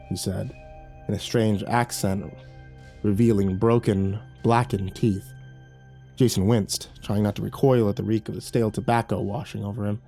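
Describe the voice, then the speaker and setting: A man reading a horror story aloud as narrator in a measured storytelling manner. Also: lowish voice, steady tone, vocal fry, warm tone, faint music behind.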